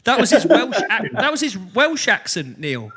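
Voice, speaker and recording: A man in a band, chatting casually between songs in a lively way and laughing often. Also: high-pitched, moderate pace, a crowd in the background. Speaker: band member hosting a live-streamed jam.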